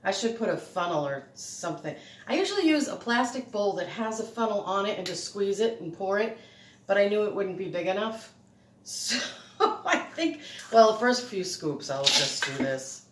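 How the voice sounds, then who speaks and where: A woman's voice: medium pitch, big pitch swings, moderate pace, fairly bright tone, roomy sound, a little hiss or hum. Chatty breathless woman in a kitchen. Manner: chatty, rambling, laughs often. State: a little breathless. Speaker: cooking vlogger. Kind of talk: casual home cooking demo. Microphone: phone camera.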